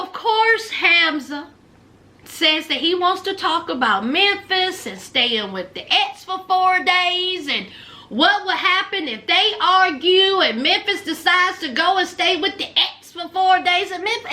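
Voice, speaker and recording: A Southern woman hosting a casual reality TV recap, her voice very high and swinging widely in pitch. She tells the story with sass, teasing and throwing playful shade. Her tone is bright and sharp. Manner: sassy, animated storytelling with playful trash talk.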